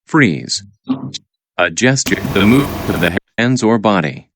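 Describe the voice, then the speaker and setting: A man reading out vocabulary words and their definitions, halting and repeating each word after explaining it. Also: on the low side, expressive. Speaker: vocabulary teacher. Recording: noisy recording with clicks.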